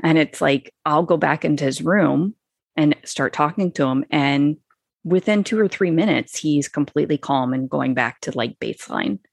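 A woman with a low voice rambles through a casual podcast chat, full of fillers and little acted-out quotes. The sound is dry and close, with no room around it. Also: normal speed, gravelly, dry recording. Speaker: podcast co-host, parent.

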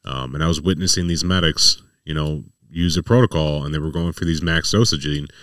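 A paramedic guest on a podcast tells work stories in casual conversation, speaking a little fast in a bass voice. He's animated and acts out the quotes of other people. The studio sound is clean with no room sound, though the mic sits at a distance.

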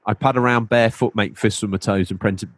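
Playful rambling podcast host, low voice. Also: male voice, steady tone, fast talker, dry recording, clean studio sound. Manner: playful rambling storyteller who slips into silly voices. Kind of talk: casual chat.

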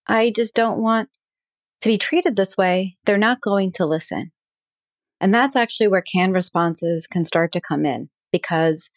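A woman hosting an advice podcast as a relationship coach, talking calmly and plainly through examples. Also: on the low side, dry recording, clean studio sound. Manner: calm, explanatory, acts out example dialogue.

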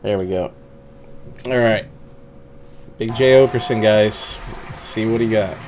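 Slow, hesitant host man. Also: lowish voice. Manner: hesitant, many ums, profane. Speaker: host reacting to comedy clips. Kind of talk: casual commentary.

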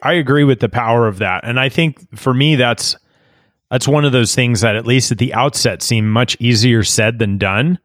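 A male podcast host with a middle-pitched voice who asks questions and slips in dry jokes. His recording is close and dead, with no room sound. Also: normal speed, fairly bright tone, no room sound. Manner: joking, dry humor. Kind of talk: casual podcast conversation.

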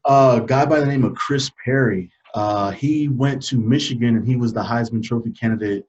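In dull lo-fi audio, an interview guest in his forties earnestly tells a personal story, pausing haltingly. He chokes up, and his voice turns low and soft with emotion.

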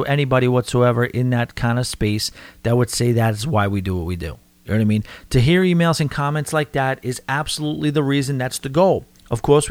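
A man's voice: mid-range voice, no room sound. A man with a New York accent hosting a podcast, answering listener mail in a rambling, conversational way full of restarts. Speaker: podcast host.

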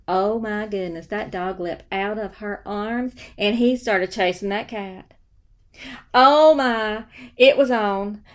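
Chatty woman telling a story. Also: a little high. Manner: chatty, animated, addresses listeners as y'all. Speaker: podcast host, real estate agent. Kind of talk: casual storytelling. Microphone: new studio microphone.

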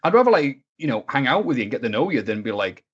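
A man's voice: mid-range voice, quick pace, breathy edge. A man from the United Kingdom, a podcast guest rambling through anecdotes and acting out the quoted voices. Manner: rambling, animated, laughs and acts out quoted voices. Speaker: interview guest. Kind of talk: casual storytelling chat. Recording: dull lo-fi audio.

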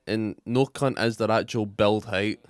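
A man's voice: lowish voice, steady tone, unhurried, no room sound, studio quality. A Scottish man in his twenties co-hosting a podcast, talking in blunt, heavily sweary banter. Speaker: podcast co-host. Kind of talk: casual chat.

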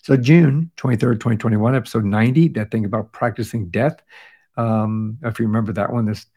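A man's voice: lowish voice, brisk, warm tone. A man hosting a podcast, recapping past episodes in a casual chat with fillers and restarts, sounding tired. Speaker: podcast host.

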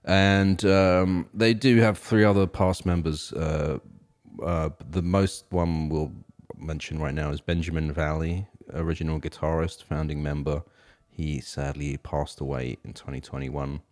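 A man with a noticeable accent and a very deep voice co-hosts a casual music podcast. He is relaxed and agreeable, filling his turns with quick yeahs as he shares band facts. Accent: non-American. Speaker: podcast co-host. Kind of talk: casual music review chat.

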